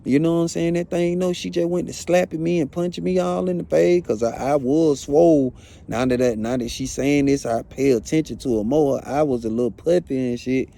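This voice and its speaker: A man's voice: fairly high pitch, steady tone, fairly quick, gravelly, warm tone. A man telling a first-hand story in blunt, profane, casual talk, often asking "you know what I'm saying". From Atlanta.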